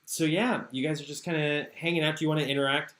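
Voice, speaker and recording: A man's voice: a little high, fast talker. A man running a tabletop game as game master, laughing often. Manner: laughing often, relaxed with fillers. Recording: echoey room.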